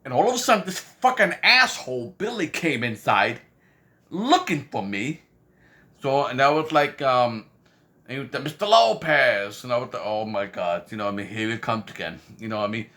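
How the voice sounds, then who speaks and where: Animated man rambling through a story. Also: medium pitch, fairly quick. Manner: rambling, repeats "you know what I mean"; acts out quoted voices. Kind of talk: casual spoken anecdote.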